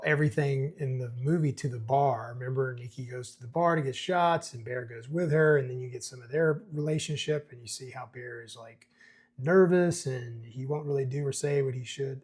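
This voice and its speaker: Husky middle-aged man talking casually. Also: medium pitch, normal speed, darkish tone. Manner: conversational, chuckles, many fillers and restarts. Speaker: host breaking down a screenplay. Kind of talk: casual commentary reading script excerpts.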